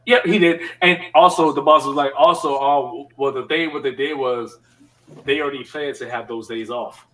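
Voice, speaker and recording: A man's voice: medium pitch, fairly even intonation, normal speed, a bit bright, far from the mic, rough recording. A man telling a work story in casual podcast chat, laughing often and filling his talk with slang and fillers. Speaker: podcast co-host.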